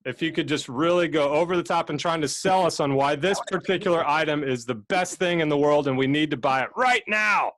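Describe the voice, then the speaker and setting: A man runs a casual game show over a video call. He is chatty and loose, and his voice sits a bit high for a man. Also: fairly quick, few pauses. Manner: relaxed, chatty, with frequent fillers.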